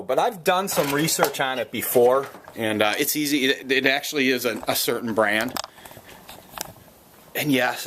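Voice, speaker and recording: Casual vlogger, male, Minnesota accent, rambly and gripey, middle pitch, faint noise behind. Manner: rambling and chatty, with frequent fillers and self-corrections; gripes with mild swearing. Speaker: collector selling and trading items. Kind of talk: casual unscripted vlog.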